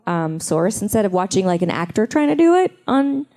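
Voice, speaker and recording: A woman's voice: mid-range voice, sing-song, fairly quick, a little mellow. A woman answering fan questions at a convention panel, chatty and playful, telling stories. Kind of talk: casual panel Q&A.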